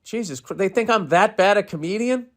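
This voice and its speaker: A man's voice: high voice, expressive, fairly quick. A middle-aged man hosting a podcast, riffing in a blunt, sarcastic, profane monologue. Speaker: podcast host. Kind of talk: casual comedy podcast monologue.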